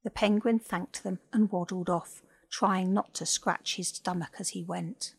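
A woman narrating a children's animal story and hosting the podcast, reading gently and clearly. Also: lowish voice, steady tone, measured pace. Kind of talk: scripted narration.

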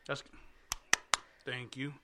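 A man hosting a casual chat at a table, animated and swearing freely as he jokes with two women. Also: extremely slow, heavy background noise. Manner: animated, swearing, laughs often. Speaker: podcast host. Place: indoors at a table.

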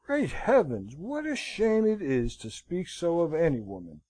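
A man voicing an earnest, hot-tempered young gentleman in an audiobook, protesting indignantly. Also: fairly high pitch, sing-song, moderate pace, no room sound, voice pushed up, low-quality recording.

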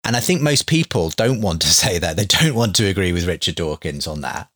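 A man's voice: low voice, lively intonation, a little fast, fairly bright tone, no room sound, studio quality. A man who hosts a faith debate show, telling an anecdote earnestly in a hedging, conversational way with many fillers.

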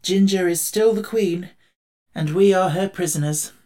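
A woman's voice: lowish voice, a little slow, dark tone, pitched above the performer's own voice, lightly acted. A woman voicing an earnest, kindly male tin man, speaking emphatically, in an audiobook reading. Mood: firm.

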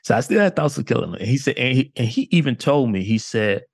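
Husky-voiced man recounting a case. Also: medium pitch, fast, no echo, studio quality. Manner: animated retelling with quoted dialogue. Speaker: detective guest. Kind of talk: casual storytelling.

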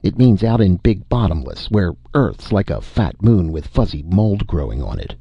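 Bitter drunk ex-spacer, low and gravelly, muttering , read by a male narrator; dull lo-fi audio. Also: very animated, normal speed, dry recording, full character voice. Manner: muttering, self-loathing.

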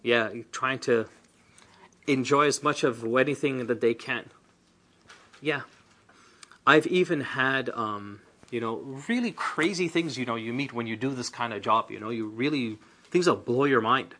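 A man leads an indoor Quran class in a relaxed, conversational way. He talks with his students rather than at them. He throws out rhetorical questions and offhand asides as he explains. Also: medium pitch, measured pace. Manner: lively, asks rhetorical questions, chatty asides. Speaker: Islamic teacher.

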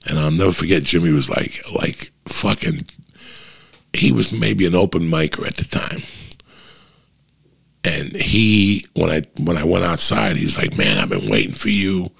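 A man's voice: low voice, a little slow, gravelly, long pauses, a bit bright, husky. A male comedian from New Jersey telling a long, profane anecdote in casual chat, rambling with many restarts.

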